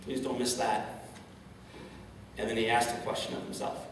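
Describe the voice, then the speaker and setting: A male motivational speaker from St. Louis, Missouri, delivers an inspirational keynote in a medium-pitched, completely flat voice at normal speed, with stammered repeats and frequent rhetorical questions. Recorded far from the mic in an echoey, large indoor event hall, the audio has a little hiss or hum.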